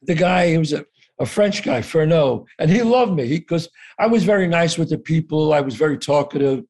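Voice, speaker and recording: A man tells a story from his own life in loose, lively conversation, his voice sitting a little high. He acts out the people he quotes and swears without a second thought. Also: a little fast. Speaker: guest actor. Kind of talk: casual storytelling.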